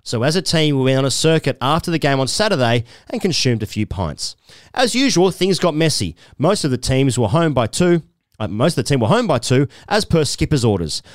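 A man's voice: mid-range voice, big pitch swings, fairly quick, no room sound, studio quality. A man, a podcast co-host reading a listener's letter aloud and laughing often as he goes. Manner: keeps breaking into laughter while reading.

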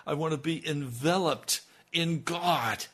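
A man preaching an impassioned radio sermon as pastor, swinging between loud emphasis and hushed, intimate lines. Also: on the high side, slow, breathy edge.

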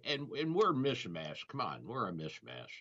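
A man's voice: mid-range voice, wildly swooping pitch, normal speed, fairly bright tone. A man hosting a radio show as a doctor, in casual banter, rambling and telling stories with chuckles. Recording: dull lo-fi radio audio.

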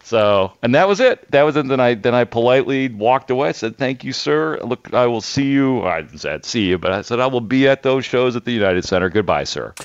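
A man who works as a sports radio reporter, telling a story on air in a casual, animated way and laughing at himself. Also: medium pitch, fairly quick, few pauses, clear, resonant tone, no echo, dull audio. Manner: animated, self-deprecating anecdote teller with laughs.

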